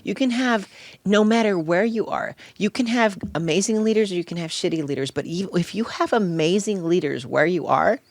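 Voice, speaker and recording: A woman's voice: lowish voice, normal speed, no echo. A woman hosting a casual podcast interview, talking earnestly and with emphasis. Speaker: podcast host.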